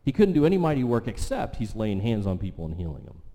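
A pastor preaches a sermon in a low-pitched, mellow voice, talking fast with huge pitch swings. He presses his points and repeats key lines for weight, and the long reverb of a large hall rings around him.

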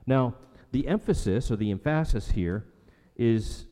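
A man's voice: mid-range voice, lively intonation, normal speed, few pauses, warm tone. A man preaching a sermon as a pastor, emphatic and rhetorical, repeating his key lines for weight. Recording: long hall reverb.

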